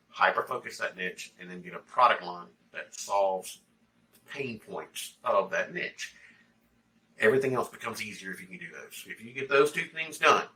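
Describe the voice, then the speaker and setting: Emphatic man from Mississippi, very bright tone, slightly distant from the mic. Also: medium pitch. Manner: emphatic, rising to loud bursts. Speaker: guest, agency mentor. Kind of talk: interview answers.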